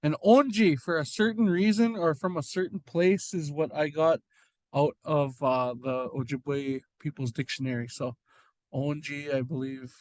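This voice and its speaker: Slow, deliberate man teaching a language. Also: fairly high pitch, fairly even intonation, darkish tone, no room sound. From Red Lake. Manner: slow and deliberate, repeats and sounds out words, many fillers. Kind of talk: informal spoken lesson.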